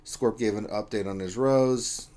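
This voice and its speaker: A man's voice: fairly low pitch, a little slow, darkish tone. Casual male streamer reading out chat. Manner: loose and joking, mild swearing. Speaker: livestream co-host. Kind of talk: casual livestream chat, reading viewer comments.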